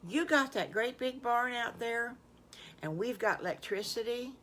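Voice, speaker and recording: Grandmother voicing a shy, eager storybook wolf pup, stumbling over his words, raised and bright. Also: fairly high pitch, lively intonation, a little slow, a little hiss or hum, voice pushed up. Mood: hopeful. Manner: hesitant, stumbling. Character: sweet, eager young male wolf.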